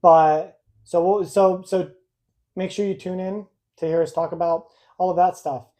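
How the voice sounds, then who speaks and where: A woman's voice: fairly low pitch, fairly even intonation, a little slow, dark tone. A young adult woman co-hosting a casual podcast, a blunt, rambling storyteller who laughs at herself. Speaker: podcast co-host. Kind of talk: casual podcast chat, live-streamed.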